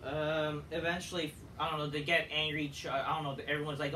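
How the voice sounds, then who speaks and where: A man's voice: on the high side, little pitch movement, a little fast, sharp tone, slight background noise. A man reviewing a wrestling show in a profane, exasperated, sarcastic rant. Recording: echoey room, distant mic.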